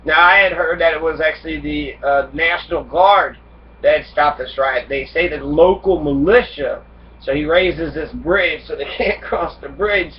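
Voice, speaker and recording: A man's voice: fairly high pitch, moderate pace. Profane man lecturing from a distance. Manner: reads passages then riffs with heavy profanity; acts out immigrants' complaints in angry voice. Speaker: history lecturer. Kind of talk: profane casual history lecture. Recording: dull distant lo-fi recording with faint noise.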